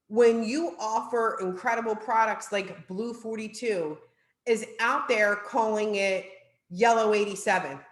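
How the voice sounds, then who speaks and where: A woman's voice: on the high side, roomy sound. A woman with a New Jersey accent giving an upbeat, chatty sales training talk, often tagging her points with "right?".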